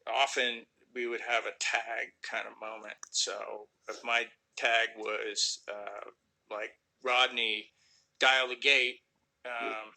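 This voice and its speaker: A man's voice: mid-range voice, level tone, slow pace, gravelly, sharp tone, low-quality recording. A man casually answering viewer questions on a livestream, rambling and joking, sometimes trailing off into mumbles. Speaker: actor answering fan questions.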